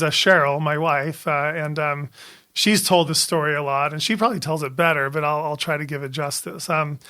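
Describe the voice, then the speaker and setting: A man in his fifties, a doctor co-hosting a podcast, telling a personal story in a halting way with many pauses and restarts. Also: fairly high pitch, pushed and bright, clear, resonant tone.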